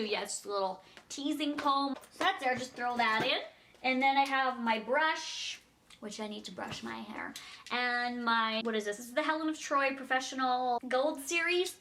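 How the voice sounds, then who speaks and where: A young woman talks to her viewers in a loose, rambling vlog chat, often breaking into giggles. Her voice is bright and a touch high, and a faint hiss sits under the recording. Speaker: vlogger. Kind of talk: casual chatty packing vlog.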